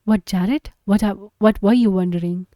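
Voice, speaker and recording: A soft-voiced teenage girl asks gentle questions on the phone, read aloud by a woman. Her voice is mellow and warm. The recording is dry and close. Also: medium pitch, normal speed, no room sound, lightly acted.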